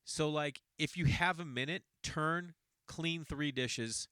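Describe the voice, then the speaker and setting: This podcast host takes it slowly, his fairly high voice sharp but smooth as he tells a long personal story in a casual, rambling, self-correcting monologue. He's a man in his forties from around Boston. The studio-quality audio has no room sound.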